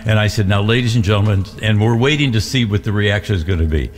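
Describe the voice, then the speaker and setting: An older man, a veteran radio DJ, tells stories in a halting, animated way during a casual studio chat. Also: fairly low pitch, long reverb tail.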